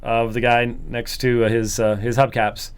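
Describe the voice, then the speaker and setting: A man's voice: mid-range voice, flat delivery, moderate pace, clean tone. A man hosting a commentary program who talks casually and mimics other voices in the middle of sentences. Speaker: host of apologetics program.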